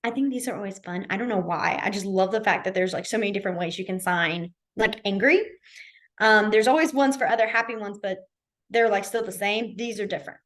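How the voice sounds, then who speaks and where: A woman's voice: medium pitch, fairly quick, a bit bright. A young woman casually teaching a beginner sign language class online, chatty with many fillers. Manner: chatty, lots of fillers, demonstrative.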